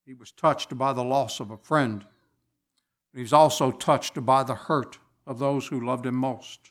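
A man delivering a sermon at an unhurried, drawn-out pace. He speaks deliberately, with measured pauses between phrases, at a middling pitch. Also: fairly even intonation. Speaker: preacher.

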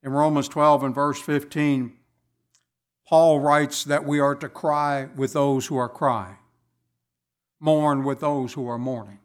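A man delivering a sermon at an unhurried, drawn-out pace. He speaks deliberately, with measured pauses between phrases, at a middling pitch. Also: steady tone. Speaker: preacher.

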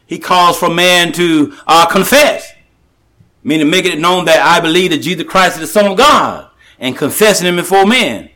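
A man preaching a sermon, emphatic and repetitive, slowing down to stress the scripture he quotes, with halting restarts. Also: high-pitched, bright, forceful tone. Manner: slows and rises to stress scripture.

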